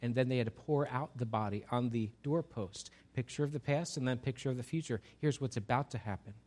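A man's voice: mid-range voice, a little fast, darkish tone. A male pastor preaching a sermon and asking his congregation rhetorical questions.

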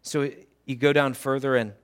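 A male pastor preaching a sermon in an animated, humorous way, putting direct questions to his listeners. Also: mid-range voice, normal speed, smooth.

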